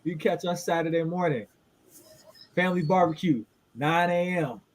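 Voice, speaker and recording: A man's voice: fairly high pitch, moderate pace. A man co-hosting a podcast, telling stories and roasting his friend in loose slangy banter. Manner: animated storytelling, roasting, slangy. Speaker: podcast co-host.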